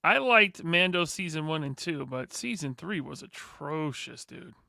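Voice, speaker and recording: A man hosting a casual livestream who asks curious, teasing questions. His voice sits slightly high, has a gravelly, bright edge, and is recorded dry and close. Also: animated, unhurried, dry recording. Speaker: livestream host.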